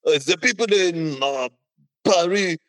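A man's voice: high voice, a little slow, fairly bright tone, no room sound, voice pushed up. A man voicing a proud, boastful Quebecer in a mocking French accent.

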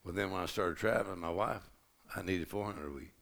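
Gravelly male preacher. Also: low-pitched, brisk. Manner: rising to shouted declarations with a gravelly voice. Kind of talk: sermon. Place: large church auditorium.

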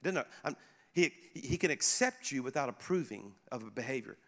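Middle-aged pastor preaching in an echoey hall. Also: male voice, medium pitch, fairly quick. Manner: animated, conversational, addresses the congregation directly. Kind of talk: sermon.

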